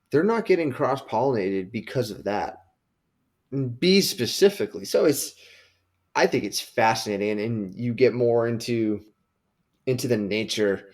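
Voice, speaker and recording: A man's voice: mid-range voice, a little mellow. A man co-hosting a podcast, talking in a loose, conversational way full of fillers and restarts. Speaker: podcast co-host. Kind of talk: casual podcast chat.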